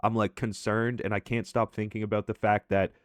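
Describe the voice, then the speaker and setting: A young man casually telling a chaotic story over gameplay, animated and swearing freely as he acts out his own reactions. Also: fairly low pitch, fairly quick, no room sound, studio quality. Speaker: storytelling commentary host.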